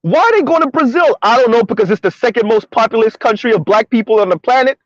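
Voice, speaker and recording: Male vlogger, high pitch, emphatic and mocking monologue from the car, dry lo-fi sound. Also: lively intonation, fast talker, no echo. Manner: emphatic, sarcastic, repeats points. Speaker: commentary vlogger. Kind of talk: opinionated commentary monologue. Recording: dull lo-fi recording.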